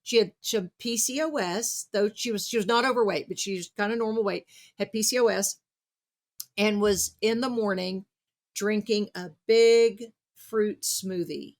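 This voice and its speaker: A woman's voice: medium pitch, measured pace. A woman hosting a podcast, chatting casually and retelling a book with enthusiasm. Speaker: podcast host. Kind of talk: casual conversational interview.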